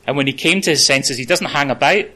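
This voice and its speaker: Guy preaching, bright clear voice, chatty and relaxed delivery. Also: mid-range voice, fast, poor audio. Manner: conversational preaching, with asides and fillers. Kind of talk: sermon.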